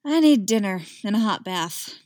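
A woman's voice: medium pitch, lively intonation, moderate pace, a little mellow, no room sound, clean studio sound, close to an everyday voice. A woman voicing a smug, teasing man who is devoted and dangerous. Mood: teasing, tender.

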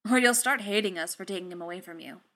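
A woman reading aloud, voicing a brash, sarcastic male inventor who talks quickly, pushily and loudly. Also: mid-range voice, close to an everyday voice. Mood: insistent.

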